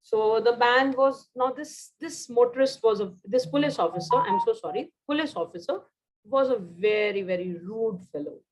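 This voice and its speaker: A woman's voice: a little high, animated, moderate pace, low-quality recording. Indian woman teaching vocabulary, Hindi-English mix. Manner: repeats words, mixes Hindi and English. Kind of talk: online class teaching.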